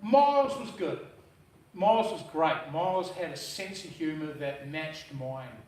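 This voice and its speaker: High-voiced man giving a blunt eulogy. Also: lively intonation, unhurried, a little mellow. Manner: blunt, casual storytelling with swearing and slang. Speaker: brother-in-law giving a eulogy. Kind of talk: informal eulogy at a memorial service. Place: memorial service venue. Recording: echoey room, heard from a distance.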